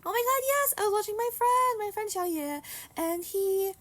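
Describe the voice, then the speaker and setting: A woman voicing an excited young man who gushes effusively about his friend. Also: moderate pace. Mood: gushing excited. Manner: breathless, effusive, high and loud.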